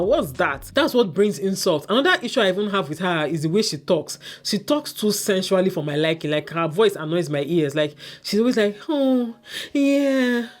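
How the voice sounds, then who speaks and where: A woman giving an exasperated, ranting review of a reality dating show, mock-quoting the cast as she goes. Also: on the low side. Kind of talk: casual opinionated review.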